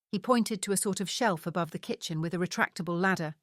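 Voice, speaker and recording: A woman reading a mystery novel aloud in a steady, even narration. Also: lowish voice, quick pace, hardly any pauses, no echo, clean studio sound. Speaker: audiobook narrator. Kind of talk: scripted narration.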